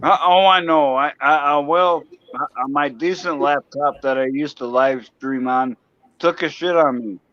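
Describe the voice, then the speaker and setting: A man's voice: on the high side, unhurried, dry recording, highs cut off. A man speaking into his phone in a casual stream chat, stammering and confused.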